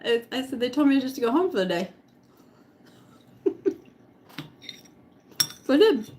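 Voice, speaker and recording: A woman's voice: sits high, sing-song, a little slow, a little mellow. A middle-aged woman vlogger telling a story to her live chat, laughing often and eating as she talks. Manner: giggly, laughs often while talking; eating while talking.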